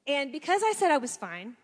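A woman telling a lively personal story to a room of people, acting out what others said. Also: high-pitched, moderate pace, long reverb tail. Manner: animated storyteller, acts out quotes. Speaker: speaker. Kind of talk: storytelling talk to an audience.

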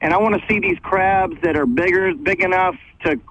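A man, a touring musician, talking upbeat and excitable with easy laughter on a phone call from backstage at a concert venue. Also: high-pitched, fairly quick, no room sound. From United States. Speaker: guest musician. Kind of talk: casual phone interview. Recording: dull phone-line sound with faint noise.

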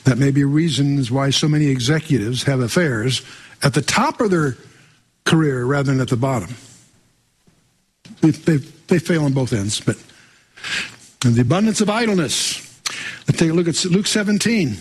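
Husky-voiced male Bible teacher. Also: mid-range voice, normal speed. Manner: reads scripture aloud then comments with wry asides and quizzing questions.

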